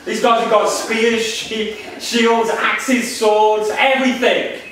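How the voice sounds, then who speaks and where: A gruff, bossy old king barking orders, as a male lecturer puts him on. The voice sits high for a man and rings through an echoey room. It is heard from a distance. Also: level tone, slow pace, a bit bright, slight background noise. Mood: insistent. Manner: gruff, bossy, matter-of-fact. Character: blunt commanding ancient king, older man.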